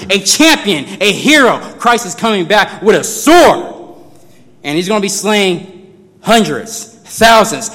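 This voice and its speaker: Preacher man in a reverberant hall. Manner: conversational preaching, swinging between low asides and loud, drawn-out emphasis. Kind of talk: sermon.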